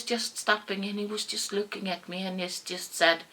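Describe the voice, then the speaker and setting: Bright-voiced woman telling a personal story. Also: mid-range voice, little pitch movement. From Sweden. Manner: halting, repeats words, rises to yelling when quoting herself. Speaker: vlogger.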